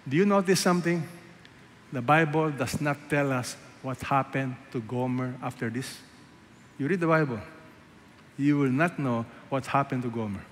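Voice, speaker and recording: Pastor preaching in an echoey hall. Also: male voice, medium pitch. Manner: emphatic preaching, rhetorical questions, swings between loud and hushed. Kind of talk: sermon. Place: large church hall. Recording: echoey church hall, faint ambience.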